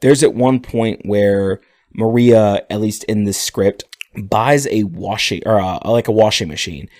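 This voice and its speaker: A man co-hosting a podcast, telling a story in a relaxed, casual way. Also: on the low side, a little slow, dry recording, clean studio sound. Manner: relaxed storytelling, laughing often. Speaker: podcast co-host.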